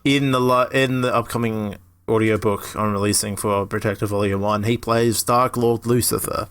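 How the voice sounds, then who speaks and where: A man's voice: on the low side, steady tone, moderate pace, fairly bright tone, smooth. A man hosting a podcast, chatting casually with a lot of laughter and swearing. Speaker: podcast host. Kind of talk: casual chat.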